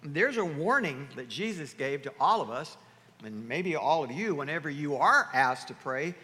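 A man preaching a sermon as pastor, animated, acting out the voices of churchgoers. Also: fairly high pitch, moderate pace. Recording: long hall reverb.

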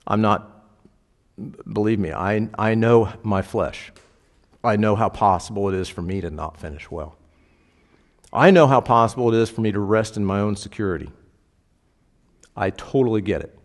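A male pastor preaching a sermon, moving between hushed reflection and rising fervent exhortation. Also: fairly low pitch, moderate pace, pauses often. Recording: long hall reverb.

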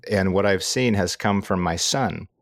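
A middle-aged man with a low voice chats on his podcast, taking his time over a story and often chuckling. The recording is dry and close. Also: moderate pace, no room sound. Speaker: podcast co-host. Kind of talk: casual chat.

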